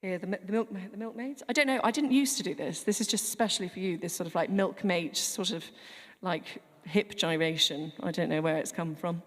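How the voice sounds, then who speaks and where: A woman's voice: fairly low pitch, brisk, few pauses. A woman leading a choir rehearsal in a large church, chatty, encouraging and self-deprecating. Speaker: choir director. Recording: long church reverb, faint music.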